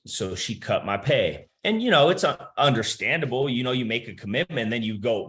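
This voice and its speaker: A man's voice: medium pitch, fairly quick, few pauses. A man in his thirties, a motivational speaker, telling his life story to an audience and acting out the dialogue. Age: 30s. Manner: animated storytelling, acts out quoted dialogue. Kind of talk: personal story talk to an audience.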